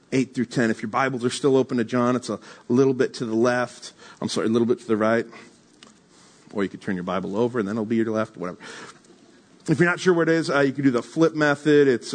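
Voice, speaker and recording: Man preaching a conversational sermon. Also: mid-range voice. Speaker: pastor.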